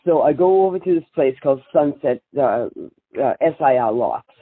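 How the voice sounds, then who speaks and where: Older woman, brash storyteller, husky voice, tinny phone line. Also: extremely low pitch, moderate pace. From Boston. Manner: brash, animated, laughs often. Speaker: guest, singer and author. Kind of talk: storytelling interview.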